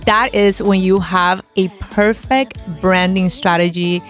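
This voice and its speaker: A woman's voice: medium pitch, steady tone, unhurried, fairly bright tone. Female guest with an accent, enthusiastic and giggly; faint background music. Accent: foreign accent. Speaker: guest, DJ and producer. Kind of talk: casual interview chat.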